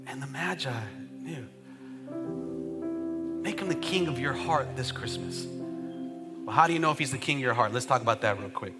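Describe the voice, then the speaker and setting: Preaching man, fervent, music behind. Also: on the high side. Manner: swings from shouting to hushed, call-and-response. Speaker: pastor. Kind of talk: sermon. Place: church service.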